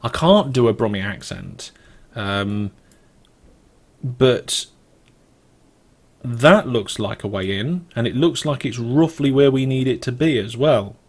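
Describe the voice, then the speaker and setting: A man's voice: medium pitch, animated, takes it slowly, long pauses. A British man hosting a let's play, giving casual gameplay commentary as he thinks aloud in a wandering, chatty way.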